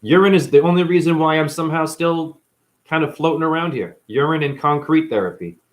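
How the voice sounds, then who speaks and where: A man's voice: a little high, brisk. Man vlogger, in chronic pain, raw profane monologue, blunt and rambling. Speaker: live-stream vlogger.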